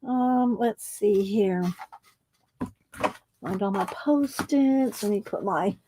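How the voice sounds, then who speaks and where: A woman's voice: medium pitch, slow, dark tone, slight background noise. A woman hosting a casual crafting livestream, chatting with viewers by name as she works. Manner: chatty, many fillers and restarts, talks to viewers by name.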